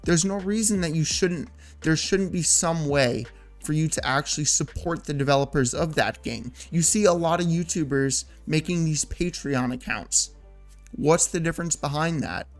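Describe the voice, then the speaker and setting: A man's voice: fairly high pitch, moderate pace, faint music behind. A man in his thirties talking casually as a gaming YouTuber, rambling and filling his talk with "like" and restarts. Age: 30s. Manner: rambling, filler-heavy, self-interrupting. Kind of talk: casual vlog commentary.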